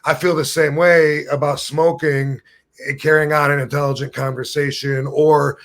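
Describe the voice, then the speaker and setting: A man in his fifties chats loosely on a podcast, his voice sitting a little high for a man. He wanders off topic, circles back and chuckles through his own stories. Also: flat delivery, normal speed, gravelly. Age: 50s. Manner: rambling, loses his thread, laughs at his own stories. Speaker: podcast host. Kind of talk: casual storytelling chat.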